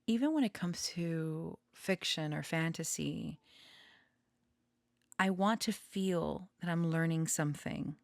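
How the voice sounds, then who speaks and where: A woman's voice: low-pitched, takes it slowly, vocal fry, no echo, studio quality. A young woman hosting a casual, rambling chat, laughing often and sometimes dropping to a whisper. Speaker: podcast host.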